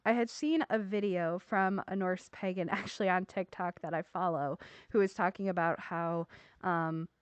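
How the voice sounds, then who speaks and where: A woman's voice: on the low side, steady tone, normal speed, clear, resonant tone, no room sound, lo-fi sound. A woman co-hosting a casual podcast, rambling and encouraging as she talks. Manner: rambling, encouraging, laughs often. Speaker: podcast co-host.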